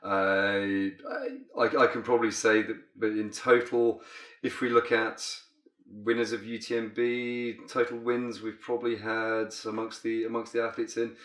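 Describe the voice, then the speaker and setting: Low-voiced relaxed man physiotherapist. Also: moderate pace, echoey room. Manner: relaxed, often repeats words as he talks. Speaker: physiotherapist guest. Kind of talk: casual interview.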